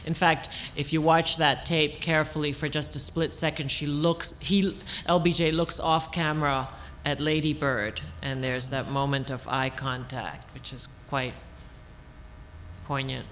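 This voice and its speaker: A woman author answering audience questions on a panel at a public talk, thoughtful and halting, with many restarts and fillers. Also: sits low, flat delivery, a bit bright, a little hiss or hum. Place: auditorium stage.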